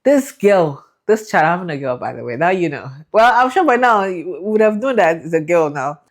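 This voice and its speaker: A young woman tells a personal faith story straight to her viewers. Her voice sits on the low side, and she is lively and emotional, laughing as she acts out the people in her story. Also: normal speed. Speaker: vlogger sharing a faith testimony.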